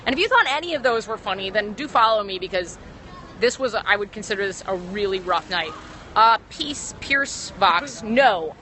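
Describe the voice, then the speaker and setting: A young stand-up comedian with a bright, forceful, mid-range voice rambles casually on a phone livestream from a city street. She keeps correcting herself and filling gaps with ums, while traffic sounds faintly in the background.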